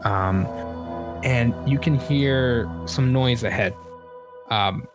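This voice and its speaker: A man narrating a tabletop game as game master, relaxed and rambling, with lots of fillers and quick laughs. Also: medium pitch, music in the background.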